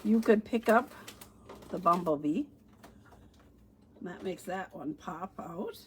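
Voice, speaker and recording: A middle-aged stamping demonstrator shows off paper crafts on a relaxed livestream, speaking slowly in a lowish voice, musing aloud with fillers and a few allergy sniffles. A faint hiss or hum sits in the audio.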